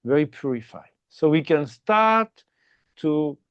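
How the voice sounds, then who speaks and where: A man teaching meditation in slow, simple English with small grammar slips, checking in often with "okay?". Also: a little high, sing-song, clean tone, no room sound, muffled recording. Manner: explains slowly and repeatedly, ending phrases with "okay?". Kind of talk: guided meditation instruction.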